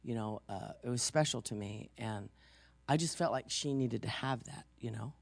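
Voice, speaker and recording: Brief: woman preacher, creaky gravelly voice, dry close sound, conversational sermon. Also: a bass voice, normal speed, a little mellow, no room sound. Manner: chatty storytelling, frequent "you know", laughs easily. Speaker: pastor.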